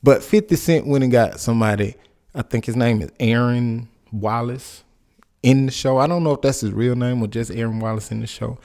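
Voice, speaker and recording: A man in his forties talks into his podcast mic, loose and rambling as he comments and tells stories from his own life. His pitch sits mid-range for a man, and he restarts his sentences often as he goes. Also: normal speed, a little mellow. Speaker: podcast host. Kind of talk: casual commentary and personal storytelling.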